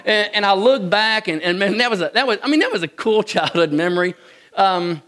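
A man's voice: sits high, expressive, a little fast, a bit bright. A man, telling funny childhood stories to an audience in a folksy, joking way. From Kentucky, US. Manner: folksy, joking, chuckles often. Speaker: speaker addressing an audience. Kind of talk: humorous personal storytelling talk.

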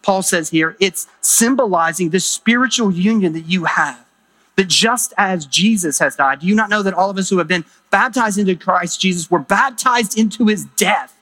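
A man's voice: sits high, normal speed, bright, forceful tone. A middle-aged man preaching a sermon as pastor, emphatic, with rising exclamations.

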